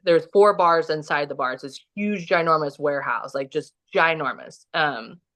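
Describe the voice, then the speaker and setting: Her voice low and a touch bright, a Midwestern podcast guest from Kansas City, Missouri, tells a story at normal speed. It comes out rambling and casual, crowded with "like" and restarts.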